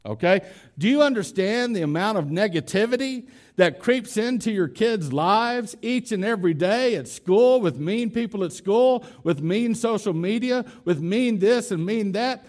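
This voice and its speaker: Man, pastor, sermon, fairly high voice, very animated pitch, emphatic, direct address. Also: moderate pace. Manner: emphatic, repeats key phrases, speaks straight to the listeners. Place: church hall with a congregation.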